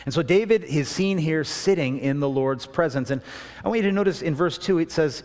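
Conversational preacher in a reverberant hall. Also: male voice, fairly high pitch, a little fast, a little mellow. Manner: conversational preaching with self-deprecating anecdotes. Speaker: pastor. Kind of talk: sermon.

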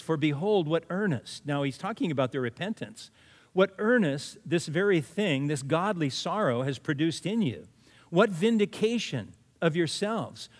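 A man's voice: a little high, big-room sound. A man preaching a sermon as pastor, earnest, repeating key words for emphasis. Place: church sanctuary.

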